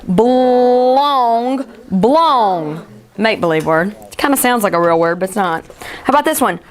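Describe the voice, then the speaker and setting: A woman teacher leading a classroom phonics lesson, encouraging and stretching sounds out slowly. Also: mid-range voice, lively intonation.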